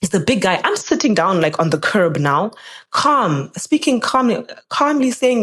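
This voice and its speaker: Animated woman telling a story. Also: measured pace. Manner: animated, jumps up in pitch when quoting people. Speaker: podcast guest. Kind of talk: casual storytelling.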